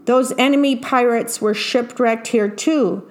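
A woman's voice: on the high side, measured pace, lightly acted. A woman voicing a bold, bossy young boy pirate captain in a read-aloud picture book, with cheerful commanding calls.

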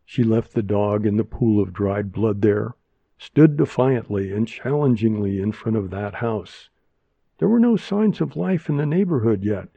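A man narrating an audiobook in a measured, steady way, in a dull lo-fi recording. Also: on the low side, creaky, slightly rough, no room sound.

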